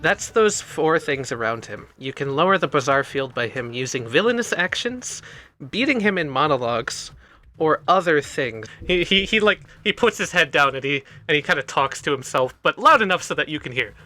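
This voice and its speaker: Bright, animated male game master. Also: a little high, moderate pace, soft background music. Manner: animated, laughs between lines. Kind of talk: narrating a tabletop game.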